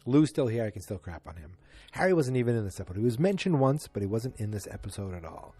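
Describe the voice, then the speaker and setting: A man's voice: lowish voice, big pitch swings, quick pace, dark tone, slightly rough, no echo. A man hosting a solo podcast, rambling through a casual recap with many fillers. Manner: rambling, filler-heavy retelling. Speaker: podcast host. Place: home, alone.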